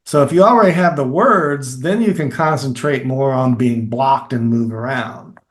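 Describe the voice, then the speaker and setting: A middle-aged man with a Kentucky accent, a filmmaker and acting teacher, explaining his methods in a lively, demonstrative way as an interview guest. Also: medium pitch, moderate pace. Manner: animated, explains with demonstrations and repeated phrases. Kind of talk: conversational interview.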